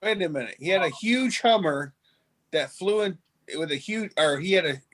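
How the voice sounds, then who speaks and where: A man's voice: on the high side, animated, normal speed, fairly bright tone. Joking man in a casual podcast chat. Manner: joking, teasing. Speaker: podcast co-host.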